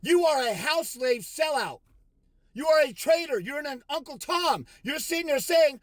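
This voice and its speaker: A man with a strikingly high voice tears into his audience in a furious, profane rant that keeps breaking into shouts. The sound is close and dry, with no room around it. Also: lively intonation, normal speed, no echo. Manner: aggressive, insulting, with shouted bursts; mocking put-on quotes of others. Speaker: fathers' rights consultant. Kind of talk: angry profane rant to camera.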